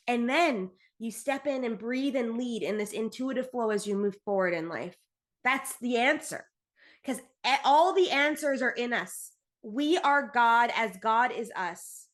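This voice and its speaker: A woman's voice: a little high, a bit bright. Blunt, swearing woman podcast host. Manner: blunt, swears freely, impassioned; intense, emphatic, slows to stress points. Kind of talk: solo spiritual podcast monologue.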